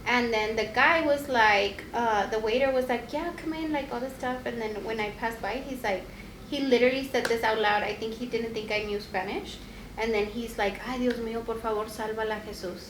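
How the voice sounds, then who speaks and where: A young woman co-hosting a podcast, telling a chatty travel story and laughing often. Her voice sits a little high. The room is echoey, with a faint hiss under her voice. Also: moderate pace. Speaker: podcast co-host. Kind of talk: casual chat.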